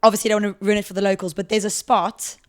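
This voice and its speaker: Young woman guest, casual and playful, quick to laugh. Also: medium pitch, level tone. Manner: playful, laughs often, jokey. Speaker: podcast guest, surf trainer and presenter. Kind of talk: casual chat.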